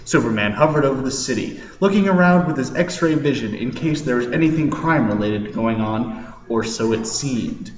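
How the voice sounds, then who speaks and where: A man's voice: medium pitch, animated, moderate pace. A man volunteer reading a story aloud at a live event, hesitant and dry. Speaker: audience volunteer reader. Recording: echoey hall from far off, dull.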